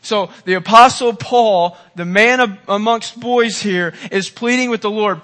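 A man preaching a sermon, swinging from hushed, quiet passages to loud, impassioned ones and asking the congregation questions. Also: high-pitched, a little slow. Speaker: pastor. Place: church.

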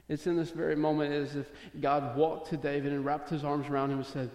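A young man preaching a sermon, telling a story from home, then building to loud, urgent pleading. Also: a little high, little pitch movement, a little fast, few pauses. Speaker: pastor. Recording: echoey hall with long reverb.

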